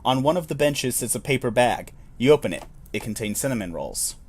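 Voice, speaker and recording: A man's voice: medium pitch, lively intonation, a little fast, slightly rough. Man reading a solo tabletop game. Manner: self-deprecating asides, wry. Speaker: narrator and solo player. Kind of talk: reading a solo role-playing game aloud.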